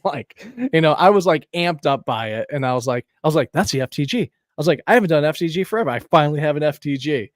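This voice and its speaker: A man co-hosting a podcast, telling a story in casual chat, profane and animated, laughing often. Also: a little high, quick pace, few pauses, no echo, studio quality. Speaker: podcast co-host. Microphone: podcast mic on a live stream.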